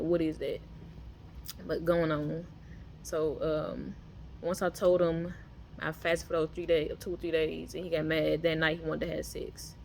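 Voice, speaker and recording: Low-voiced woman telling her testimony. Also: vocal fry, a little mellow, slight background noise. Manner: loose conversational delivery with many fillers and restarts. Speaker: person giving a testimony. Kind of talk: personal testimony, casual storytelling.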